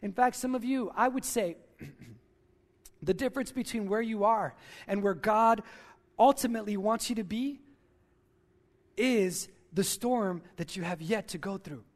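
A man's voice: high voice, unhurried, long pauses. A male pastor preaching a sermon, talking straight to his listeners and repeating key lines for emphasis.

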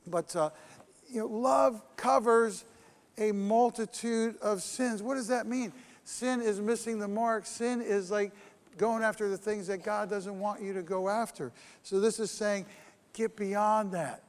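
A man's voice: high-pitched, fairly even intonation, a little slow, long reverb tail. A man preaching a sermon, earnest and repetitive, acting out prayers in the first person. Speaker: pastor.

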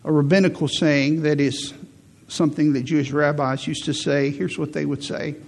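A man's voice: a little high, fairly even intonation, moderate pace, creaky. A middle-aged man preaching a sermon as pastor, emphatic, repeating key phrases and lifting his voice to stress a point.

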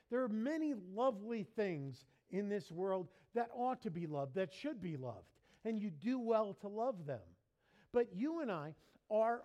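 Animated high-voiced male preacher. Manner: animated, repeats key phrases, drops to quiet emphasis. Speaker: pastor. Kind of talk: sermon.

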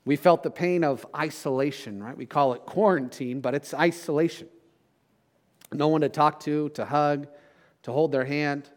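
A middle-aged man, a pastor, preaching a sermon in a conversational way, often checking in with "right?". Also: a little high.

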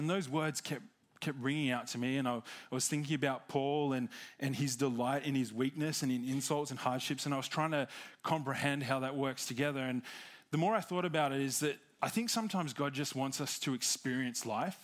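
A young adult man, giving a sermon as a relaxed personal story, chatty and self-deprecating, laughing at himself now and then. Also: medium pitch, brisk. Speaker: preacher.

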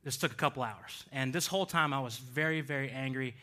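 A man preaching a sermon, telling a personal story in a lively way with frequent laughter. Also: mid-range voice, brisk, a little hiss or hum. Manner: animated, laughs between lines. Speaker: pastor.

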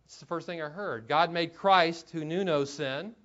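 A man preaches a sermon in a church, conversational and fond of rhetorical questions and little chuckling asides. His voice sits a bit high for a man. The recording is dull and lo-fi. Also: moderate pace, fairly bright tone. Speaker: pastor.

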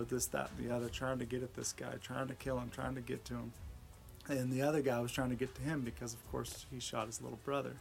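A man retelling someone's story in a conversational, halting way, dropping his voice at the intense moments. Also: mid-range voice, gravelly, darkish tone. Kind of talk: storytelling talk.

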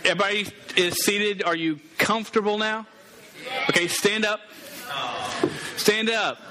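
A man's voice: high-pitched, steady tone, measured pace, crowd noise. A man giving a casual, playful sermon as a youth pastor, calling out to his group. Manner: playful, interactive, calls out to the group.

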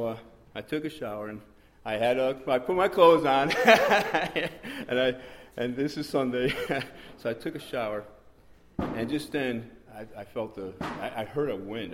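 A man giving a rambling, repetitive spoken testimony in a church meeting room, breaking into sudden excited bursts. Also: medium pitch, noisy background. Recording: roomy echo.

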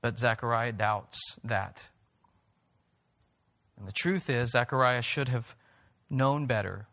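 A man's voice: mid-range voice, takes it slowly, pushed and bright. A male pastor preaching a sermon to his congregation. He talks earnestly and builds to emphatic peaks.

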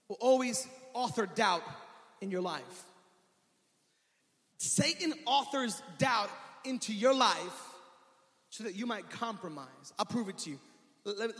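A male pastor preaching a sermon with energy, rising to shouts and falling to quiet asides. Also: high voice. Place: church sanctuary. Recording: long hall reverb.

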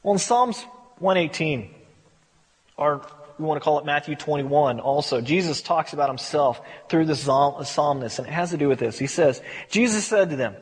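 A man's voice: fairly high pitch, expressive, moderate pace, husky, in a large hall. A man preaching a conversational verse-by-verse Bible study, repeating words as he stresses a point. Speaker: pastor.

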